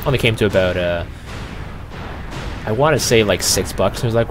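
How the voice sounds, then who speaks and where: A man's voice: medium pitch, brisk, slight background noise. A young Canadian man hosting a let's play, telling rambling stories in casual, laid-back commentary.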